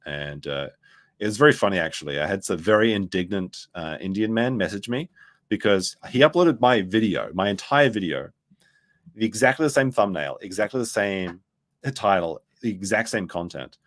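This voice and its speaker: A man with a low voice doing casual streamer commentary. He rambles, swears freely and loses his place mid-sentence. His pitch swings widely as he talks. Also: animated, moderate pace, a bit bright. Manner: rambling, profane, loses his train of thought.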